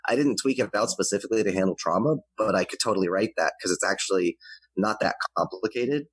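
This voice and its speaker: A man with a very low voice talks through parenting advice in a relaxed interview. His delivery is earnest and explanatory, and the recording sounds dry and close. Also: fast talker, husky, no echo, low-quality recording. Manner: earnest, explanatory, varies his pace to demonstrate. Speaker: guest expert on parenting.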